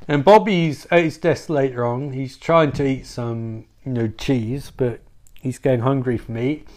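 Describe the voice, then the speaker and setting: A man's voice: mid-range voice, a little slow, a little mellow. A man retelling a comic story in a rambling, profane, loose way.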